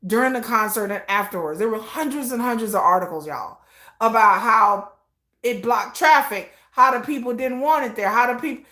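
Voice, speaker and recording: High-voiced woman chatting on a livestream. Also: moderate pace, roomy sound. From Texas, US. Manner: animated, talks to chat viewers, drawls into casual slang. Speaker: livestream host. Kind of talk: casual livestream chat.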